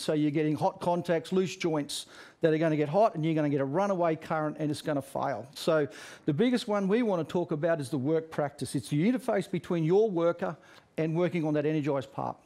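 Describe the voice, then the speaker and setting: A man's voice: a little high, a little mellow. A middle-aged man giving an earnest webinar presentation on workplace safety, repeating his key messages.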